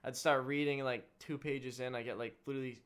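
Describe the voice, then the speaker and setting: A man's voice: mid-range voice, steady tone, fairly quick, a bit bright, clear, resonant tone. A young man co-hosting a casual podcast chat, laid-back and tired, swearing freely and calling people bro. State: tired, yawning. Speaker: podcast co-host.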